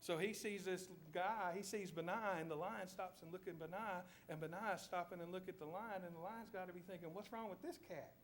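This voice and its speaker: A man's voice: high-pitched, fairly even intonation, fairly quick, few pauses, slight background noise. A man with a Southern US accent preaching a sermon in church, telling a story vividly and asking his listeners to picture each scene.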